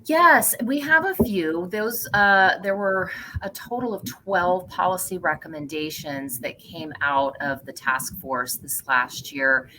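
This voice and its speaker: A woman's voice: fairly low pitch, slow pace, few pauses, sharp tone, low-quality recording. A woman on policy staff giving an upbeat, folksy update, hesitating with fillers. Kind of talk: casual online update talk.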